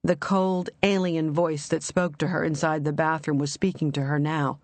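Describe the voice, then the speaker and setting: A woman narrating an audiobook in a measured, even reading. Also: deep voice, no echo.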